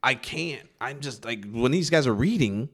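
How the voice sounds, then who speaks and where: A man's voice: mid-range voice, animated, moderate pace, a bit bright. A young man from California chatting casually, rambling and swearing, with lots of fillers and restarts. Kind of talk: casual chat.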